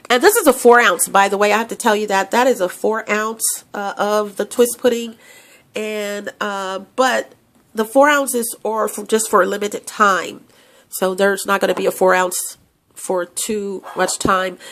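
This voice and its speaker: A female channel host with a medium-pitched, gravelly voice and a stuffy, sniffly nose chats loosely in a casual vlog selling a hair product. She rambles, restarts sentences, and fills gaps with fillers while speaking close to a handheld microphone.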